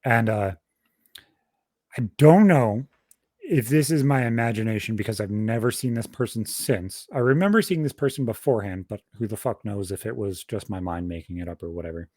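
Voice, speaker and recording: With a lowish voice at normal speed, a young man hosting a podcast launches into a lengthy, profanity-laden tale, wandering through every detail in lively fashion. The audio is studio-clean, without any room sound.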